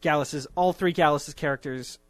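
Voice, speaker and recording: Male podcast co-host, somewhat high voice, dry jokes, close dry mic. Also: normal speed, no echo. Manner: dry, jokey asides. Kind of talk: casual chat about wrestling.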